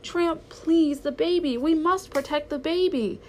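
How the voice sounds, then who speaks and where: A woman reading aloud, voicing a gentle young female dog who pleads anxiously. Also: sits high, measured pace, a little hiss or hum, pitched above the performer's own voice. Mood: pleading.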